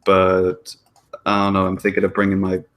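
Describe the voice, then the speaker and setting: Man, very deep voice, wry, hesitant, casual call chat. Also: completely flat delivery, moderate pace, fairly bright tone.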